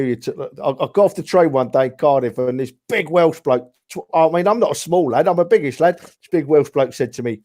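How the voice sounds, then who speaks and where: A man spinning football yarns on a casual podcast, animated and quick with asides, dropping "mate" and "right?" into nearly every story. His voice sits at a middling pitch. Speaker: podcast regular. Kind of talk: casual chat.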